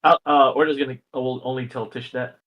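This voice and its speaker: A man talking as a player in a tabletop game, casual and halting with many fillers. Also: mid-range voice, fairly even intonation, muffled recording.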